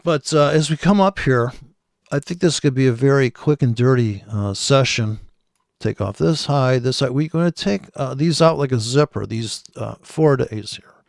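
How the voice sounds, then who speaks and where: Male trader talking over charts, gravelly voice, dry close mic, rambling and sarcastic. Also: medium pitch, normal speed, no room sound. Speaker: forex trader. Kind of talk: casual screen-share trading commentary.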